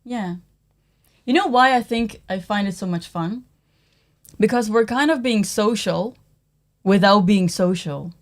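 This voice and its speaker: Soft-spoken American woman co-host. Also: medium pitch, a little slow, pauses often. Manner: soft-spoken, agreeable, relaxed. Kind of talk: casual livestream chat. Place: at home.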